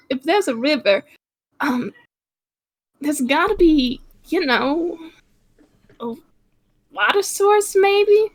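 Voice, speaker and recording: A woman voicing a shaken young male toon in a tabletop game. He speaks haltingly, wavers between accents and is unsure of himself. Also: very high-pitched, voice pushed up, full character voice, low-quality recording.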